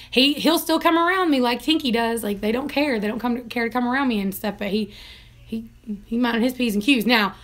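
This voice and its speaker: A woman's voice: fairly high pitch, a bit bright. A young woman chatting casually in a home vlog, telling rambling stories and laughing often. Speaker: vlogger.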